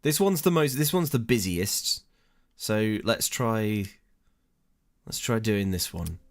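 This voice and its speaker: Young male streamer, low voice, unhurried, mutters through puzzles, easily exasperated. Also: expressive. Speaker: let's play streamer. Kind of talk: casual gameplay commentary.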